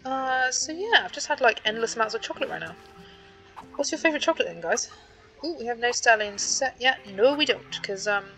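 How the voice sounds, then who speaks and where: A woman's voice: fairly high pitch, pushed and bright, poor audio. A young British woman giving chatty, giggly commentary to her viewers as she plays a horse game. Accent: British English. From Britain. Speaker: gaming YouTuber. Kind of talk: casual gameplay commentary.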